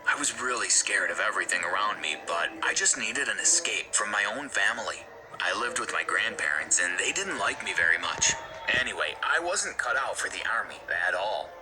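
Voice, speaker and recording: A man voicing a kind father who tells gentle stories, with music behind. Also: lowish voice, expressive, moderate pace, natural voice, low-quality recording. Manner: warm storytelling, gentle. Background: background music.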